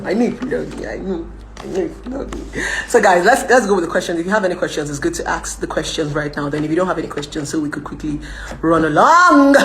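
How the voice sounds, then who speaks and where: A woman's voice: on the low side, reverberant, slight background noise. A young woman with a Nigerian accent, ranting and scolding viewers on a live video. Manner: scolding, combative, switches into Pidgin, laughs often. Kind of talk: ranting live-stream chat.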